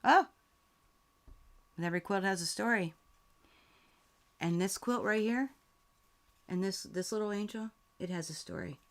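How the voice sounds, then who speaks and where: This quilting channel host has a mid-range voice and a measured pace, pausing often. During her live Q&A stream she reads viewer comments aloud, sounding sincere, grateful and close to tears.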